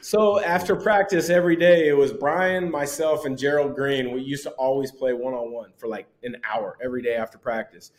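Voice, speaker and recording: A man's voice: mid-range voice, normal speed, few pauses. Man in his forties telling stories. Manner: animated anecdote-telling, chuckles often. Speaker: podcast guest, former pro basketball player. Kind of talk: casual storytelling.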